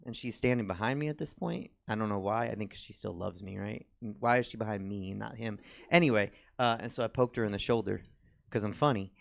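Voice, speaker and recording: Low gravelly guy doing standup, rambly self-deprecating storytelling. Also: brisk. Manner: rambling self-mocking delivery with acted quotes. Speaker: stand-up comedian. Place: comedy theater stage.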